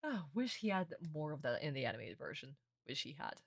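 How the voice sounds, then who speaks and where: A young woman with a fairly low voice, talking casually and excitedly as a streamer. She laughs often and swears freely, recorded dry and close. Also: a little fast, vocal fry, no echo. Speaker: streamer reacting to an anime. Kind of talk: casual reaction commentary.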